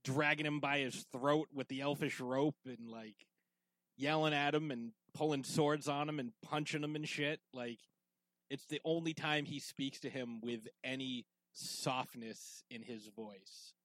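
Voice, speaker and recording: A man co-hosts a casual podcast in a mid-pitched voice, rambling along with plenty of fillers and restarts. He has a whiskey in hand as he talks. The sound is dry and close, with no room echo. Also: fairly even intonation, unhurried, a bit bright. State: drinking whiskey while talking. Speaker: podcast co-host.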